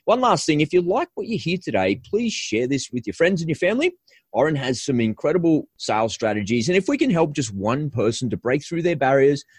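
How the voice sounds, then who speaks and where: A man's voice: mid-range voice, darkish tone, slightly rough, no echo. A male podcast host giving an upbeat, promotional intro and then interviewing a guest.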